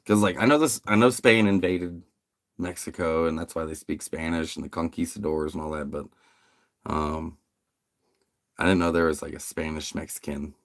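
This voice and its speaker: Very deep-voiced laid-back American man. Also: steady tone, moderate pace. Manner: laid-back, profane, giggly, reads chat aloud. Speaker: livestream host. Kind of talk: casual livestream chat with viewers.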